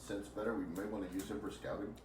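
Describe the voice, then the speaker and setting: A man's voice: on the low side, little pitch movement, fast, distant mic, a loud crowd. A man playing a tabletop game, talking in an instructive, mentoring way. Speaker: player. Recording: echoey room with background noise.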